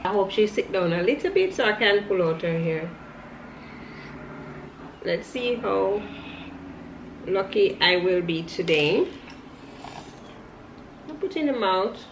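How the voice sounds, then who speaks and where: A woman's voice: medium pitch, expressive, takes it slowly, long pauses. A woman, a mom talking casually to her toddler in a home vlog, playful and coaxing with frequent laughter. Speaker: vlogger mom. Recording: echoey room, faint background noise.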